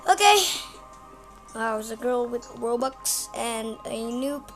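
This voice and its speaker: A woman giving rambling, excitable let's play commentary, shrieking when startled. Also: on the high side, takes it slowly. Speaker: gamer. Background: game music.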